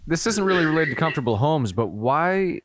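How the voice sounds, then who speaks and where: A man's voice: on the high side, very animated, fairly quick, a bit bright. A man from the American East Coast hosting a podcast, asking questions in an easygoing way and laughing along. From east coast of the USA. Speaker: podcast host. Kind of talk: casual podcast interviewing.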